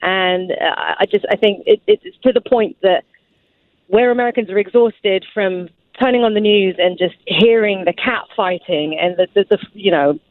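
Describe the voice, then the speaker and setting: A woman's voice: medium pitch, moderate pace, dry recording. British woman caller, frank and weary, tinny phone line sound. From Britain. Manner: frank, weary, rambling with restarts. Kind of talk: radio phone-in commentary.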